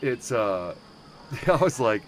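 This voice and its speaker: A man's voice: medium pitch, sing-song, slow pace, slight background noise. A man hosting a casual game livestream, rambling and self-interrupting with many fillers while playfully mangling German words. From United States. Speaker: livestream host.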